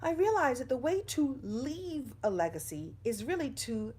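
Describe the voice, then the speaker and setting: A woman's voice: a little high, animated, unhurried, hardly any pauses, a little mellow, breathy edge. A middle-aged woman giving a live-streamed inspirational talk from her home in front of a bookshelf, chatty and greeting viewers by name. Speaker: motivational speaker on a livestream.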